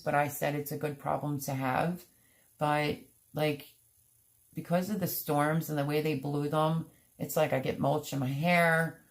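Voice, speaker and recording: A middle-aged woman hosting a gardening livestream, chatting casually and rambling, sounding tired out. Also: deep voice. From Pennsylvania. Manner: rambling, chatty, many fillers and restarts. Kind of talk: casual live-stream chat reading comments.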